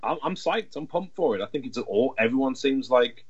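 A man's voice: medium pitch, expressive, normal speed, breathy edge, no room sound, muffled recording. A man chatting casually and enthusiastically on a podcast, rambling a little. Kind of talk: casual chat.

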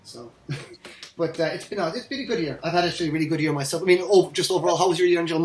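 Chatty Irish man, a touch high. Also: a little hiss or hum. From Ireland. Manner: chatty, excitable, quick to laugh and rant. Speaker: podcast host. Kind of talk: casual chat.

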